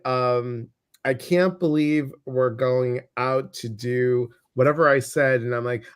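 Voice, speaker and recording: A man with a Chicago accent, co-hosting a casual livestream, reading viewer comments in a chatty, animated way that repeats phrases for emphasis. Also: mid-range voice, measured pace, clean tone. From Chicago, US Midwest.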